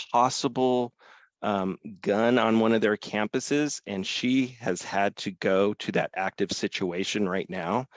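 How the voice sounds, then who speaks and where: A man's voice: lowish voice, no echo. A man hosting a webinar over a video call, talking loosely with many fillers. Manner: loose, filler-heavy, apologetic. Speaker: webinar host, sales team member. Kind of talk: casual webinar talk.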